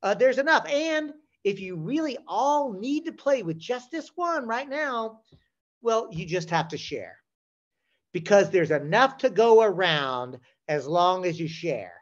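A man voicing a gentle grandmother, hushing and soothing quarreling small boys. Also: sits high, sing-song, unhurried, dull audio. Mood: gentle coaxing. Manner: soft, hushed and soothing.

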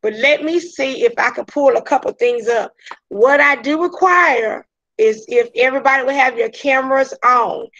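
High-pitched lady teacher on a video call, chatty southern us way of talking, kinda muffled sound. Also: moderate pace, a bit bright. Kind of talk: online class roll call and introduction. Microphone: video call audio.

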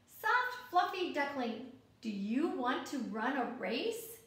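A woman's voice: high voice, big pitch swings, takes it slowly, a bit bright, exaggerated voice. A woman voicing a cheerful little boy who asks around for someone to play with, in a sing-song, eager way. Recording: echoey room.

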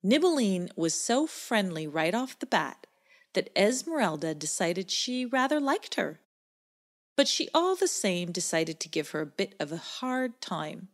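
A woman narrating a children's story in a gentle, expressive storytelling manner. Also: medium pitch, measured pace.

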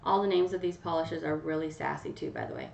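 A woman's voice: sits low, wildly swooping pitch, fast, creaky, a little mellow. A woman hosting a casual live stream, chatting directly to her viewers by name as she runs a giveaway. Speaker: livestream host running a nail polish giveaway. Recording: roomy, distant, dull home mic.

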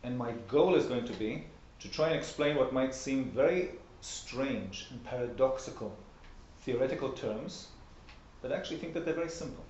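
A man's voice: mid-range voice, moderate pace, darkish tone, recorded from a distance, a little hiss or hum. A man giving an academic workshop presentation in a seminar room, talking conversationally and posing rhetorical questions. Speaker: lecturer. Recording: very echoey, dull room recording.

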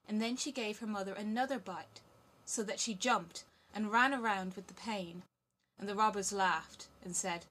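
A woman narrating a fairy tale as an audiobook, in a steady, clear storytelling manner. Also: medium pitch, moderate pace.

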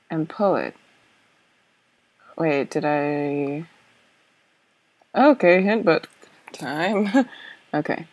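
Slow, gravelly-voiced woman thinking aloud. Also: lowish voice, darkish tone, low-quality recording. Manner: hesitant, self-doubting, many fillers and repeated okays. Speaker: let's play gamer. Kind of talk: thinking-aloud gameplay commentary.

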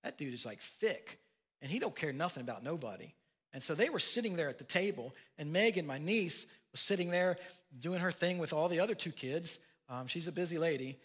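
A man's voice: fairly high pitch, animated, fairly quick, fairly bright tone, slightly rough. An older man preaching a sermon as pastor, telling folksy family stories with asides. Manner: folksy storytelling with laughs and asides.

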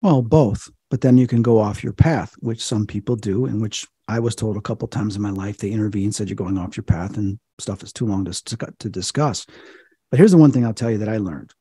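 A middle-aged man, a psychic medium, telling animated stories in an interview and acting out the quoted voices. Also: lowish voice, fairly quick, breathy edge, no echo, studio quality. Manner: acts out quoted voices, excited.

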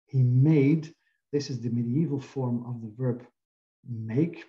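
Very dark-voiced male professor lecturing. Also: medium pitch, slow, muffled recording. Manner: explanatory, walking through slides. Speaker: linguistics professor. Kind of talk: academic lecture.

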